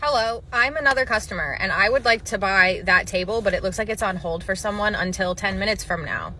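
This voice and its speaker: A woman's voice: mid-range voice, fairly quick, bright, forceful tone, a little hiss or hum. A woman voicing a polite second customer asking to buy a held table.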